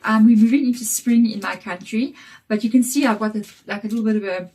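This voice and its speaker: A woman giving a casual tarot reading to camera, croaky from a chesty cold, reassuring and direct. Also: a little high, steady tone, fast talker, warm tone. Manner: reassuring and direct, checking in with "okay?". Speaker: tarot reader.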